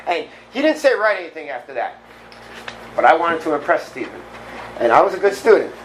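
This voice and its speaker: A middle-aged man giving a candid, animated personal recovery talk, often laughing at himself. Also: a little high, a little fast, slight background noise, rough recording. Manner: candid, animated storytelling with self-deprecating laughs. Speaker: recovery meeting speaker.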